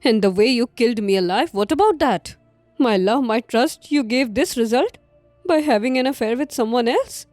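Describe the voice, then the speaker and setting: A woman's voice: a little high, expressive, moderate pace, darkish tone, dry recording, faint music behind, close to an everyday voice. A woman as a sweetly composed wife. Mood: cold. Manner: soothing, overly sweet.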